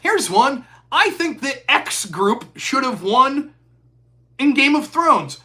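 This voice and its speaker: A man's voice: very high-pitched, big pitch swings, takes it slowly, sharp tone. A man of forty hosting a live stream, talking in a profane, heated rant. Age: 40s. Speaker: host.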